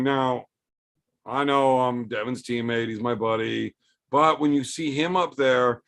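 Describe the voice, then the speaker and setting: A man's voice: mid-range voice, vocal fry, a bit bright. A man, an arm wrestler, hosting a livestream in a loose chat style, answering viewers' super chats with blunt, profane opinions.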